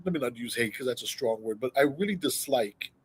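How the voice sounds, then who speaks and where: A man's voice: mid-range voice, lively intonation, fairly quick, a little hiss or hum, poor audio. A man talking earnestly as a guest co-host, building his points step by step. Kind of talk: casual opinion chat.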